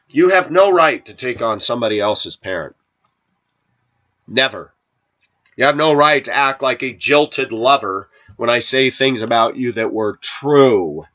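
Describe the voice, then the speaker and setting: A man's voice: medium pitch, pushed and bright. A middle-aged man with the sniffles, scolding and preaching to his channel's viewers in a combative rant. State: sniffly with a cold. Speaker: video channel host. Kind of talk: ranting to camera. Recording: dull lo-fi sound.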